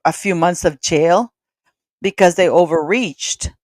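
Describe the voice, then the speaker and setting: A woman on a live call-in panel, talking in a chatty, excitable way with many restarts. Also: on the low side, measured pace, dry recording, clean studio sound. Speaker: regular panelist. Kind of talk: casual live call-in chat.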